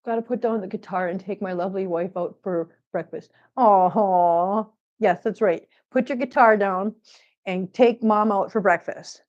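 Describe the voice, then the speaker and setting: A woman's voice: mid-range voice, a little slow. Woman, from Missouri, rambling casual chat, cooing to pets, laptop mic, slightly dull sound. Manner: chatty, rambling, coos baby talk to her cats. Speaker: cat channel host. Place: home. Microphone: laptop microphone.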